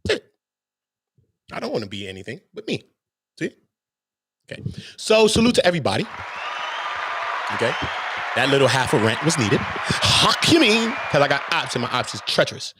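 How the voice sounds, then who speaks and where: A man's voice: medium pitch, big pitch swings, fairly quick, long pauses, crowd noise, noisy background. A man hosting his own channel, ranting to viewers in a blunt, openly profane and emphatic way. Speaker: channel host.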